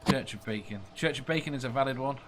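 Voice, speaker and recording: A man's voice: mid-range voice, fast, very noisy. A man hosting a casual podcast chat, reading listener comments aloud and laughing often. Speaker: podcast host.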